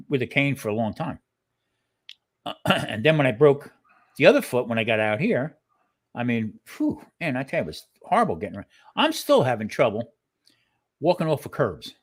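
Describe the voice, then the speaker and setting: A man's voice: medium pitch, slightly rough. An older man co-hosting a cooking show in casual live-stream chat, rambling and restarting his sentences with frequent exclamations.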